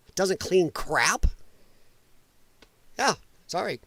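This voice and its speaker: A man's voice: high voice, sing-song, normal speed, pauses often, dry recording. Blunt, sarcastic male livestream host. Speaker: podcast host. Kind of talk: livestream commentary.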